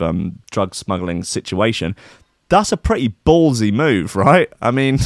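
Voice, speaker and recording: A man with a lowish voice chats through the news in a casual commentary style. He reads items aloud and breaks off into irreverent, profane asides. The sound is dry and close to the mic. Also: no room sound. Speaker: podcast host.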